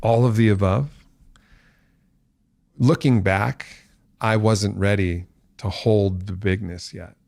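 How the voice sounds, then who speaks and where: A man's voice: fairly low pitch, fairly even intonation, slow pace, gravelly, long pauses, a little mellow, dry recording, clean studio sound. A man as a podcast guest, telling a long story and acting out the voices of people he quotes.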